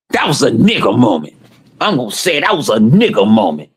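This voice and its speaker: A man's voice: medium pitch, brisk, breathy edge. A man hosting a podcast, telling stories in casual chat with lots of swearing and quoted voices. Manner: animated, profane storytelling with quoted voices. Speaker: podcast host.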